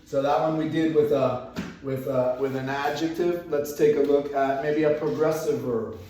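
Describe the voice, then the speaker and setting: A man teaching an English grammar lesson in a classroom, speaking slowly, repeating phrases and moving around as he explains. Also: a little high, steady tone, warm tone, distant mic, slight background noise. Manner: slow, repeats phrases, moves around the room. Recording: echoey room, voice from away from the mic.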